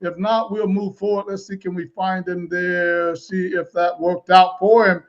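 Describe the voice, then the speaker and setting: Male live-show host, high voice, talkative, dull streamed audio. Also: level tone, unhurried. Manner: chatty, repeats words, laughs easily. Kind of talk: live online interview show.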